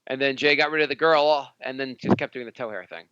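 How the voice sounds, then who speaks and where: A man's voice: medium pitch, fast, bright, forceful tone, clear, resonant tone, no echo, dull audio. A man co-hosting a podcast, rambling casually with lots of fillers and jokes. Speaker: podcast co-host. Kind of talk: casual chat.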